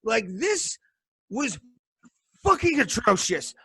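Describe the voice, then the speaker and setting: Brief: male podcast co-host, furious cursing rant, unhurried, high lively voice, dry video-call sound. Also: creaky, slightly rough, no room sound. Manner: angry profane rant. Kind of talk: casual podcast chat.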